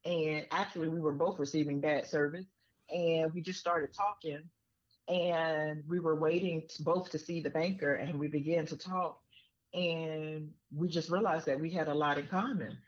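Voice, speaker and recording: A woman's voice: sits low, steady tone, normal speed. A woman guest on a podcast, casually telling a story with lots of fillers and restarts. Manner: chatty, many fillers and restarts. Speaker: podcast guest, business owner. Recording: muffled lo-fi sound.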